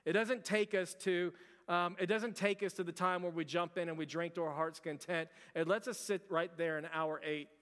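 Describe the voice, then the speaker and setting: Male pastor, high clear voice, casual animated sermon storytelling, reverberant sanctuary. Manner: animated storytelling, casual and conversational with quick asides. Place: church sanctuary. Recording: church sanctuary with long reverb.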